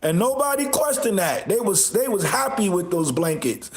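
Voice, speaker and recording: Mocking high-voiced man ranting on a livestream. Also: big pitch swings, normal speed, few pauses, roomy sound, very noisy. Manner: mocking, loud laughing outbursts, insults viewers. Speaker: livestream host.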